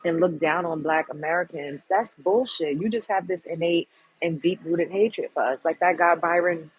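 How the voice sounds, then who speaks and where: A woman with a very husky, breathy voice that sits low for a woman. She hosts a livestream and rants to her viewers in blunt, heated, profane commentary. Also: rough recording. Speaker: livestream host.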